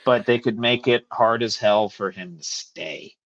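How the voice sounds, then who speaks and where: A man's voice: mid-range voice, fairly even intonation, fairly bright tone. Young man breaking down football, dull audio. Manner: fast, blunt game breakdown with restarts. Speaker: podcast co-host. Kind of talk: casual sports chat.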